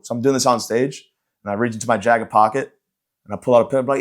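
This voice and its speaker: A man's voice: mid-range voice, steady tone, very fast. Profane, sarcastic male podcast host. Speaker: podcast host and stand-up comedian. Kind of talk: casual comedic rant.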